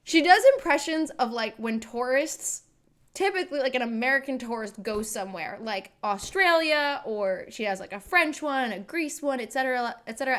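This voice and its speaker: This livestream host is a woman whose voice sits on the high side and sounds a bit bright. She chats casually and reads out comments, rambling and poking fun at herself with plenty of fillers.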